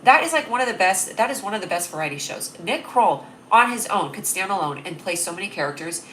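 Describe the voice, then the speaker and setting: This is a young woman's casual comedy livestream, delivered straight to a nearby webcam. She sounds bright, forceful and animated at a medium pitch, talking a little fast, rambling cheerfully and laughing at her own gags, with a faint hiss in the background.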